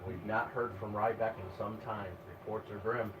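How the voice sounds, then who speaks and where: Wry game master at a noisy table. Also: male voice, lowish voice, fairly even intonation, normal speed, fairly bright tone. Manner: wry, conversational, laughs often. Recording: echoey, far from mic, phone-like, noisy.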